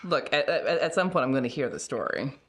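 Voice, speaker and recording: A woman's voice: a bass voice, big pitch swings, brisk. A woman playing a tabletop game, dry and teasing in casual talk. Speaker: player.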